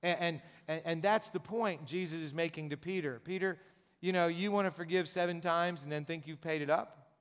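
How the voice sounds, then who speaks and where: A pastor preaches in a church sanctuary, his slightly high voice clear, resonant and a bit bright, at a moderate pace amid long church reverb. His conversational style features rhetorical questions and repetition of words.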